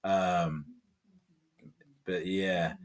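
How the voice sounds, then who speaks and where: A man's voice: deep voice, flat delivery, drawn-out words. A man in his forties hosting a livestream, chatting casually and reading viewer comments in a rambling, laid-back way, saying "man" and "bro" often. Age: 40s. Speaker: livestream host.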